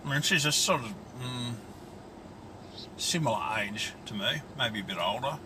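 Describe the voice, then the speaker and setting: A man's voice: medium pitch, expressive, measured pace, background noise. An Australian man vlogging in a casual, rambling monologue, crude and colloquial, talking from his car.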